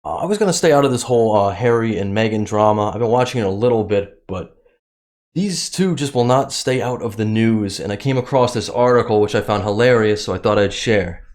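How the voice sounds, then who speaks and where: A man's voice: lowish voice, lively intonation, a little fast, darkish tone. A man giving sarcastic commentary in a vlog, reading news excerpts aloud and mocking them. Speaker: commentary vlogger.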